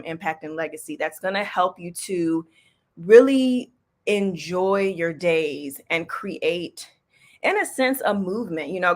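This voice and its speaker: A woman's voice: lowish voice, fairly bright tone. A woman hosting a casual livestream, chatty and loose, breaking off mid-stream, with an out-of-breath edge. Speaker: livestream host and small business coach.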